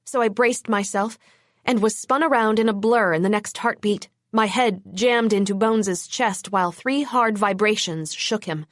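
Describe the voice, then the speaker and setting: A woman narrates an audiobook in the first person, tense and driving, with a mid-range pitch. The recording is close and dry, with no room sound. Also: moderate pace, dry recording.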